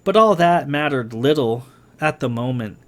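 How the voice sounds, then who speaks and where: A man reading his science fiction novel aloud in a dramatic, expressive narration. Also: medium pitch, normal speed. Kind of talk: scripted audiobook narration.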